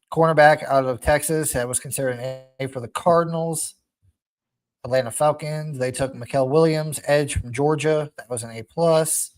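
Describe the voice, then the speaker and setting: A young man co-hosts a casual football podcast, slightly high in pitch. He talks in an animated, rambling way, full of restarts and fan excitement. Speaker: podcast host. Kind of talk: casual sports chat.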